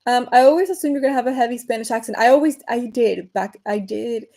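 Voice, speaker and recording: A woman's voice: on the high side, fast, gravelly, mellow, poor audio. A woman from Venezuela, chatting casually on her livestream, rambling with many fillers and restarts. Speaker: livestream host.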